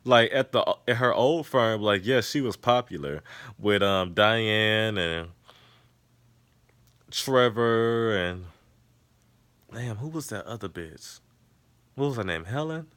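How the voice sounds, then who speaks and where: Profane, animated man recapping TV. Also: fairly low pitch, slow, pauses often, no echo. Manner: animated, profane, laughs often. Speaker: TV episode reviewer. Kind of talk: casual recap with acted-out quotes.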